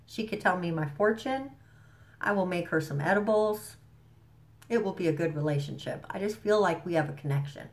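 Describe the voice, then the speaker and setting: A woman's voice: lowish voice, animated, moderate pace. A woman vlogger casually recapping a TV episode, rambling with slang and fillers, a bit stuffy from allergies, at home. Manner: chatty, rambling, enthusiastic, with frequent fillers and slang.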